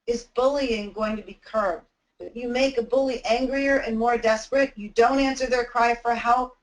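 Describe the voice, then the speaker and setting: A woman's voice: medium pitch, rough recording. A woman giving an anti-bullying webinar talk, telling a personal story in an earnest, heartfelt way.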